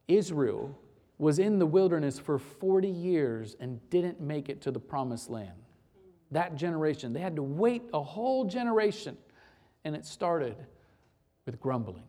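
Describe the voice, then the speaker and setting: A man's voice: a little high, animated, measured pace, mellow. Emphatic male pastor preaching. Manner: emphatic preaching, repeats phrases for effect. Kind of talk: sermon.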